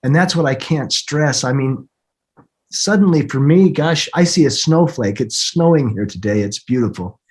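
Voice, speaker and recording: A man in his fifties, a podcast guest, telling an emotional personal story in an earnest way, often repeating words and laughing softly. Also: mid-range voice, expressive, moderate pace. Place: home, snowing outside.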